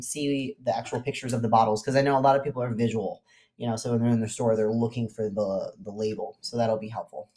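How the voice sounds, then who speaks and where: A woman's voice: rumbling low, warm tone. A woman co-hosting a podcast in casual chat, chatty and giggly, with lots of fillers. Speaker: podcast co-host.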